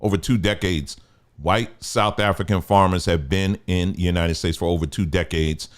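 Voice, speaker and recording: A man's voice: deep voice, fairly even intonation, moderate pace. A man hosting a livestream, talking emphatically, repeating his points and asking rhetorical questions. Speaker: livestream host. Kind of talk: livestream commentary.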